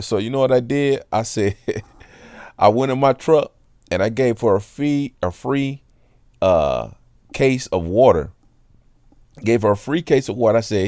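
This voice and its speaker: A man's voice: medium pitch, animated, normal speed, darkish tone, dry recording, clean studio sound. A man sharing a casual Christian testimony in an earnest, rambling way, often checking that the listener is following. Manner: earnest, rambling, keeps asking "you know what I'm saying". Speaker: water delivery driver.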